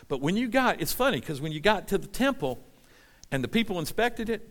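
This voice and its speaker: Animated man preaching a sermon. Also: high voice, fairly quick. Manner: conversational, animated preaching with acted-out voices. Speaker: pastor.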